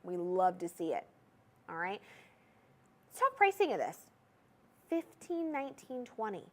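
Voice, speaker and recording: A woman's voice: mid-range voice, sing-song, a little slow, a bit bright. A young woman with a Southern US accent, hosting a TV jewelry shopping show in a bubbly, chatty, salesy manner. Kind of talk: TV shopping presentation.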